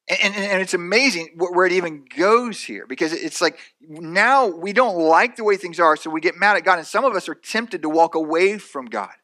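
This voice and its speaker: A man's voice: high-pitched, lively intonation, moderate pace, sharp tone. A man preaching a sermon in a conversational way, often repeating words and acting out the voices of the people he describes. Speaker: pastor.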